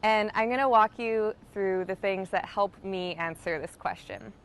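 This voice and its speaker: A woman's voice: medium pitch, clean tone. Chatty, playful woman hosting a self-help vlog. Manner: chatty and playful, with swearing and light laughter; slows into a calm guiding cadence. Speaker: self-help video host. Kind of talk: casual direct-to-camera talk with guided mindfulness.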